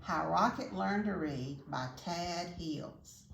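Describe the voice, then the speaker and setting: An older woman, a retired teacher, reading a children's story aloud in a gentle, teacherly way, pausing to ask the listener questions. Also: fairly low pitch, vocal fry, slight background noise. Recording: roomy echo.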